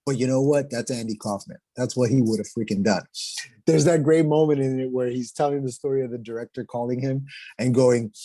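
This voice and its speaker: Podcast host, young man, husky, dry close sound, gets fired up telling stories. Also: medium pitch, fairly quick, no echo. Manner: excitable storyteller, slangy. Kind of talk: casual chat.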